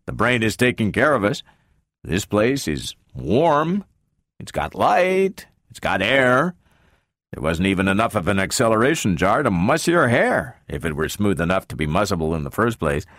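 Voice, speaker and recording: A man voicing an excitable male space engineer who complains sarcastically and often bursts into exclamations. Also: lowish voice, normal speed, dry recording, studio quality. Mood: sarcastic.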